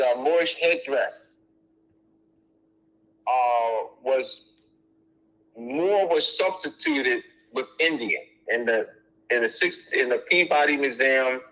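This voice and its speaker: A man's voice: medium pitch, bright, forceful tone, poor audio. A man answering audience questions in a lecture, emphatic and repetitive, restarting his sentences often.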